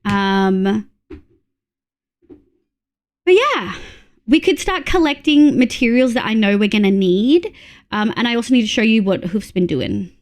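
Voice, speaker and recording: A woman's voice: mid-range voice, lively intonation, unhurried, pauses often. An Australian woman chatting on a live stream, giggly and talkative as she reads her chat aloud.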